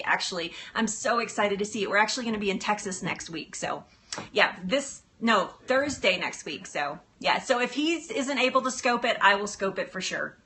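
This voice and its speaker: Live-streaming from her kitchen, a woman hosts a cooking show with a bubbly, casual chat, answering viewers' comments. Her mid-range voice is bright and forceful.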